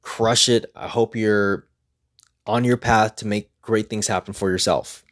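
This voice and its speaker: A man's voice: fairly low pitch, fairly even intonation, unhurried. A man talking earnestly in a casual motivational vlog, rambling and repeating himself as he pushes himself on. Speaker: vlogger.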